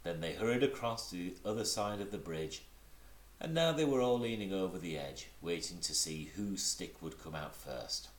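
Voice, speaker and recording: A deep-voiced man reads a children's storybook aloud with lots of rise and fall in his voice, now and then stumbling and correcting himself. The sound is roomy and echoey. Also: moderate pace. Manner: animated, with slips and corrections. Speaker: reader. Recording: roomy echo.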